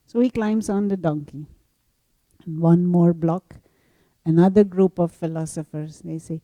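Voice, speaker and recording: A woman meditation teacher telling a story in a gentle spiritual talk, laughing softly now and then. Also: fairly low pitch, fairly even intonation, no echo. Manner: slow, gentle storytelling with frequent soft laughs.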